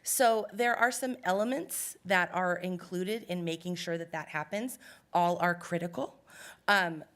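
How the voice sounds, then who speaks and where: A woman's voice: fairly low pitch, a little slow, a bit bright. A woman facilitating an education leaders' meeting, walking a group through slides and handing out turns. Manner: explains slides and guides turn-taking. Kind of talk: presenting to a table of educators. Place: conference room.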